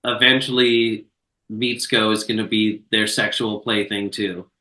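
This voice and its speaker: A man co-hosting a podcast, casually recapping a movie scene by scene, swearing freely and slipping into quick quoted voices. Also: on the low side, fairly even intonation, pushed and bright. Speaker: podcast co-host. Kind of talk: casual film discussion. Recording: roomy, echoey, off-mic sound.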